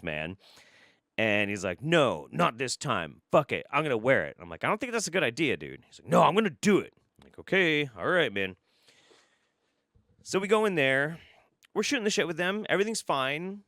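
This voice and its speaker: A young man casually telling a story to the camera, profane and animated, with many fillers and restarts. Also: mid-range voice, clear, resonant tone, dry recording, clean studio sound. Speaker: vlogger.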